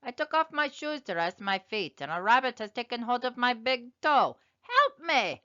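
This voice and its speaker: A woman voicing a tiny mischievous male leprechaun with a high, shrill, loud voice in a storybook reading. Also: sing-song, normal speed. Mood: pleading. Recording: slightly dull lo-fi sound.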